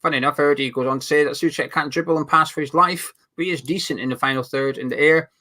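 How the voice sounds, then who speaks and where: Bright-voiced man reading fan comments. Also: a little high, fairly even intonation, fast. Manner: rambling, reads out viewer names and comments. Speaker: fan channel co-host. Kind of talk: casual football fan chat reading viewer comments.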